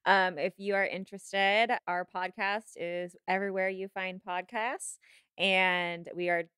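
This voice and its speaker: A woman's voice: medium pitch, steady tone, measured pace, bright, forceful tone, smooth, dry recording. A woman guest on a podcast, speaking casually in short, dry asides. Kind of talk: casual chat.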